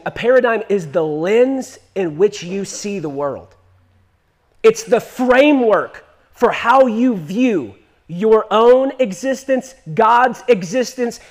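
A male pastor preaching a sermon, emphatic and full of repetition, moving between loud urgent lines and hushed ones while telling a story. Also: high voice. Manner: emphatic, repeats "listen to me", swings from loud to hushed; animated storytelling, acts out quoted voices.

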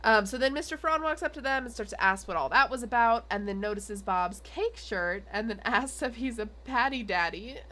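A fairly high, bright, forceful voice, animated and at normal speed, comes from a young adult woman co-hosting a podcast. She chats through an episode recap in a rambling way, giggling and filling gaps with fillers.

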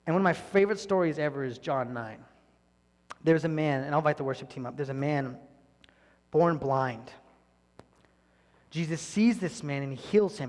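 A man preaching a sermon as pastor, earnest, often sinking to a soft near-whisper. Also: a little high, moderate pace, long reverb tail.

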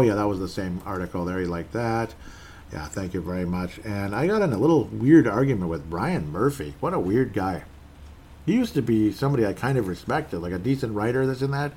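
Rambling man, lowish voice. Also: darkish tone, a little hiss or hum. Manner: rambling, opinionated, self-interrupting. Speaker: podcast host. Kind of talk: casual solo podcast chat.

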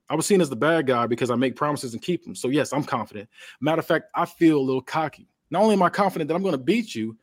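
A man's voice: a little high, slightly rough, no echo, clean studio sound. A man voicing a brash, trash-talking male wrestling champion, boasting in an improvised promo. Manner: cocky, boastful trash talk.

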